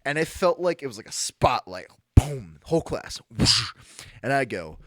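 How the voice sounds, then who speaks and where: A man's voice: medium pitch, big pitch swings, moderate pace, dry recording, clean studio sound. A young man co-hosting a podcast, telling an embarrassing story in casual chat and laughing often. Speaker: podcast co-host.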